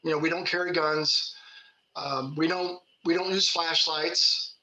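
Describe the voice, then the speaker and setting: A man's voice: fairly high pitch, steady tone, a little slow, pushed and bright, reverberant, rough recording. A man from Kentucky, a Bigfoot researcher, telling folksy stories with laughs in casual talk. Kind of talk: casual storytelling.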